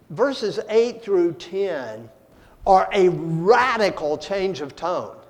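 A male pastor preaching a sermon, slow and deliberate, with dramatic swings from soft to loud. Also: sits high. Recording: long hall reverb.

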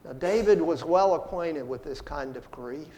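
A male pastor preaching a sermon, slow and deliberate, with dramatic swings from soft to loud. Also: on the high side. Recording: long hall reverb.

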